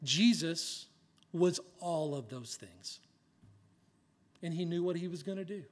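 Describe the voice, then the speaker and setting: A male pastor preaching a sermon in an earnest way, dropping to a hush and then rising to loud emphasis. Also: fairly high pitch, slow.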